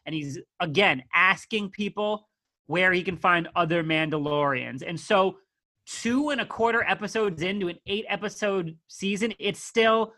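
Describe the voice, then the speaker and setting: A man chatting on a review podcast with a high, bright voice. He is blunt and sarcastic and quick to call out weak writing. His voice has a crisp, forward edge. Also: animated. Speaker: podcast co-host reviewing a TV episode. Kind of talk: casual chat.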